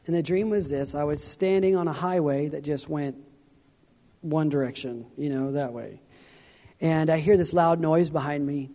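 Guy sharing his testimony up on stage, informal and earnest, keeps restarting, soft warm tone, big echoey hall. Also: fairly high pitch, moderate pace. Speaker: traveling evangelist giving his testimony. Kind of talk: conversational testimony sermon. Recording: long hall reverb.

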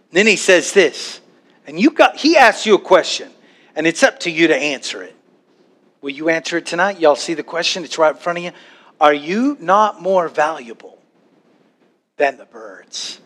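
High-voiced man preaching a lively sermon. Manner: animated preaching with acted worried voices. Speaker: pastor.

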